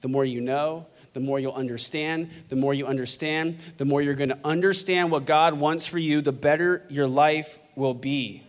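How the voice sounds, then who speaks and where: A young male pastor delivers a lively sermon in a church, his voice sitting a little higher than most men's. He jokes with the congregation and swings between energetic, loud stretches and soft, hushed ones. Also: moderate pace, few pauses. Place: church auditorium.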